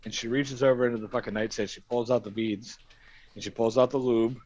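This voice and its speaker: A man's voice: mid-range voice, brisk, dry recording, muffled recording. A man telling a crude anecdote on a casual stream, swearing and acting out the quotes. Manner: profane, animated storytelling with acted-out quotes. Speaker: storyteller on a stream.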